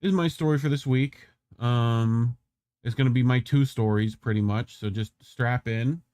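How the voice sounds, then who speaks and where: A man's voice: mid-range voice, normal speed, darkish tone, smooth, dry recording. Man, casual joking commentary, profane banter, dry close sound. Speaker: show host reacting to clips.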